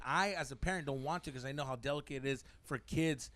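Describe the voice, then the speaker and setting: A young adult man, a podcast host telling a story in a casual, animated way, swearing as he gets heated. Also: medium pitch, quick pace, few pauses.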